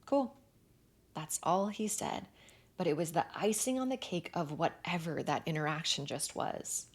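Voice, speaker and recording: A woman narrating a first-person romance novel in an expressive, animated way with breathy asides. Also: deep voice, moderate pace. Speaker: audiobook narrator.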